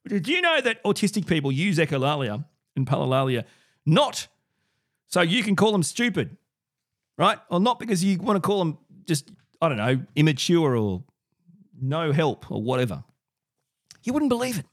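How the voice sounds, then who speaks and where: Animated, sarcastic man hosting his channel. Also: fairly high pitch, normal speed, long pauses. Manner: animated and sarcastic, repeats words. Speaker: podcast and video host. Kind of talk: direct-to-camera commentary.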